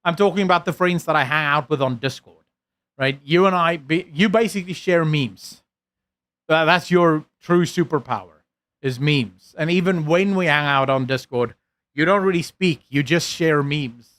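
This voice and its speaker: A man's voice: a little high, normal speed, fairly bright tone, dry recording. A man from South Africa with an American-leaning South African accent, chatting casually on a live stream, rambling and self-deprecating, with lots of fillers and restarts. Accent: South African with an American-leaning lilt. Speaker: streamer reading chat.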